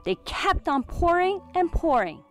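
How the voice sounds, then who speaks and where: A woman reading a children's storybook aloud in an expressive, clearly enunciated way. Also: very high-pitched, a little slow, soft background music. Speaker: storybook reader.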